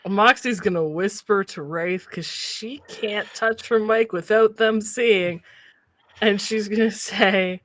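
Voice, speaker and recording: Slow-talking tabletop player. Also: mid-range voice, fairly bright tone, no room sound. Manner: slow, narrating their character in third person. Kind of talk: tabletop role-play chat.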